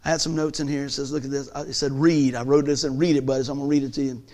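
A man preaching a sermon in a folksy, conversational way, swinging from hushed lines to shouts. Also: mid-range voice, little pitch movement, rapid-fire.

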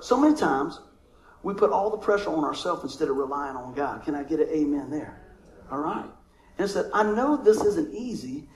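A man's voice: sits high, roomy sound, low-quality recording. A male pastor, preaching a conversational sermon and calling for amens.

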